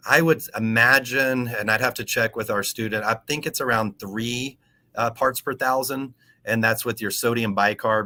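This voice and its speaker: Forceful low-voiced man explaining aquaponics. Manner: teacherly, spells out terms slowly. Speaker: aquaponics educator and podcast guest. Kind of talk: explanatory interview talk.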